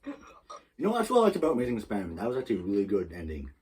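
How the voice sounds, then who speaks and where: A man's voice: on the low side, huge pitch swings, very fast, a little mellow, slightly rough. A man co-hosting a comic book podcast, chiming in with wry comments. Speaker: podcast co-host. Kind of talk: casual chat.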